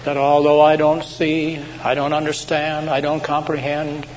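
Higher-pitched male pastor preaching in a hall. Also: completely flat delivery. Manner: dramatic storytelling, swinging between loud, slow proclamations and hushed asides. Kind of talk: sermon. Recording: hall reverb with faint background noise.

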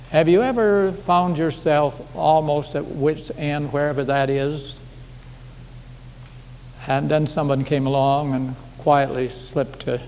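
A male pastor delivers a sermon in a relaxed, storytelling manner, his voice sitting a little higher than most men's. The recording carries the long reverb of a church sanctuary. A faint hiss runs underneath. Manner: folksy, conversational preaching with anecdotes. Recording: echoey hall with faint background hiss.

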